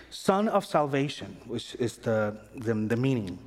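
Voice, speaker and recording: A man preaching a sermon in a casual, animated way, acting out the voices of figures in the story. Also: medium pitch, measured pace. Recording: long hall reverb.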